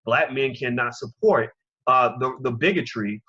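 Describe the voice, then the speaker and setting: A man delivers fiery opinion commentary, preaching straight at his listeners. His voice is husky and a little breathy. The recording sounds dull and lo-fi. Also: medium pitch, measured pace, sharp tone. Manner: impassioned, preaching, direct address to listeners. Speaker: commentary channel host.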